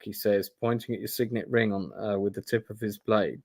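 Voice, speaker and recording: A man's voice: on the low side, steady tone, a little fast, darkish tone, slightly rough, no room sound, studio quality. A man hosting a live gamebook playthrough, reading aloud and making chatty, self-deprecating asides. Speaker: host playing a gamebook live. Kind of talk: casual live-stream narration. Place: indoor room.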